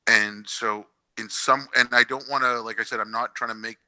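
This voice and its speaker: A man's voice: mid-range voice, fairly even intonation, normal speed, pushed and bright, no room sound, poor audio. A man co-hosting a podcast, making his points emphatically with examples. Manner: emphatic, building an argument with examples. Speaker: podcast co-host. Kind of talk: casual interview chat.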